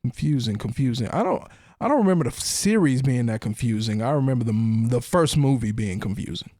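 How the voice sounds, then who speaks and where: A man's voice: medium pitch, lively intonation, brisk, warm tone, no room sound, studio quality. A man hosting a podcast in casual chat, laid-back and steering the talk. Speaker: podcast host.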